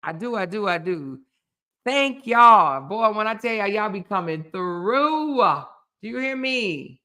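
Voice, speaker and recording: A woman's voice: medium pitch, expressive, takes it slowly, sharp tone. A woman hosting a casual live stream, chatty and laughing often as she thanks viewers by name.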